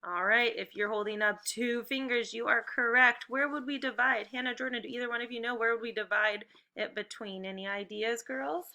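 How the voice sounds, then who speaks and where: A woman teacher with a very bright, sharp-edged voice pitched a touch high leads first graders through phonics drills. She calls out sounds slowly and crisply and cheers them on as they go. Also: fairly even intonation. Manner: slow, clearly enunciated drill prompts; encouraging, upbeat praise. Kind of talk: phonics lesson video for students at home.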